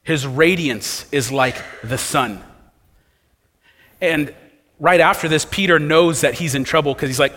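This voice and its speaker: A man's voice: fairly high pitch, moderate pace, pushed and bright. Man preaching in a reverberant hall. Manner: expository preaching with rhetorical questions. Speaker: pastor. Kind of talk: sermon.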